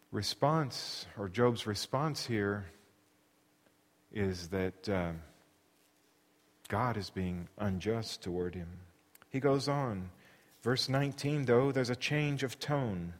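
A man preaching a sermon in an expressive way, asking his listeners questions. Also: fairly low pitch, slow, long pauses, in a large hall. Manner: expressive, shifts into dramatic readings.

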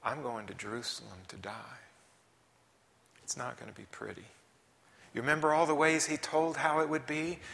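Gravelly-voiced guy preaching, drops to whispers then gets loud, big reverb from the hall. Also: mid-range voice, fairly even intonation, moderate pace, long pauses. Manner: dramatic, swinging from loud emphasis to hushed whispers. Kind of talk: sermon. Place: church sanctuary. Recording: long reverb of a large hall.

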